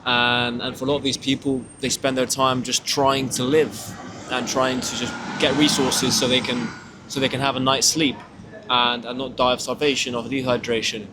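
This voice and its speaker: A man's voice: medium pitch, level tone, normal speed, noisy background. A young British man of eighteen chatting casually in a travel vlog, rambling and swearing easily. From Britain. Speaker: travel vlogger. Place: outdoors on windy city streets.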